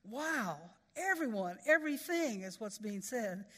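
A woman's voice: fairly high pitch, lively intonation, unhurried, fairly bright tone, big-room sound. A woman preaching a sermon in a folksy, conversational way, with storytelling asides.

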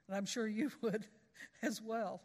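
A woman's voice: a little high, fairly even intonation, unhurried, darkish tone, long reverb tail. A woman preaching a sermon in a folksy, conversational way, with storytelling asides.

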